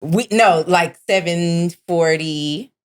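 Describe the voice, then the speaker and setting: A woman guest on a podcast, reacting often in an easy, unhurried manner. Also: on the low side. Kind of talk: casual chat.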